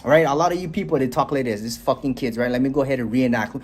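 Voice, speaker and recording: Speaking fast with few pauses and a breathy edge at medium pitch, a young man vlogs a blunt motivational rant about communication. Heavy swearing and a habitual "right?" mark his delivery, filmed in his bedroom and then outdoors walking along a street.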